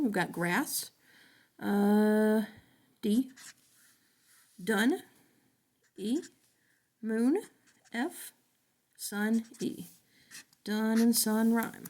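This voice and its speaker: A woman's voice: mid-range voice, darkish tone. A woman teacher giving a recorded class lesson, talking casually and checking in often with "okay?".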